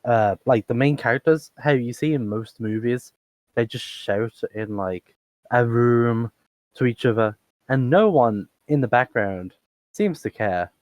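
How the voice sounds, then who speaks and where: Podcast guy, deadpan and dry, close dead-sounding mic. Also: mid-range voice, unhurried, dry recording. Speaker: podcast co-host. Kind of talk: casual chat.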